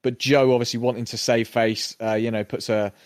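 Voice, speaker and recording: A man's voice: medium pitch, little pitch movement, a little fast, no echo, studio quality. Man casually recapping a TV episode. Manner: rambling, acts out characters' lines.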